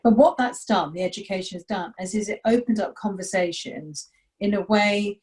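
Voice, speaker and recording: A woman's voice: medium pitch, moderate pace, darkish tone, poor audio. A woman speaking on a panel, earnest and reflective. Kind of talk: panel discussion on video call.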